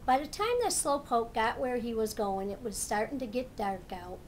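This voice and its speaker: A woman reads her own children's bedtime story aloud. Her voice sits fairly high, with a lively, rising lilt. She tells it in a plain, homely way. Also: normal speed, a little hiss or hum. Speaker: children's author.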